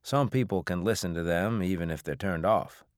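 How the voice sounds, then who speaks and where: A man voicing a cagey middle-aged family man who speaks briskly and evasively. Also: deep voice, no echo, studio quality, close to an everyday voice.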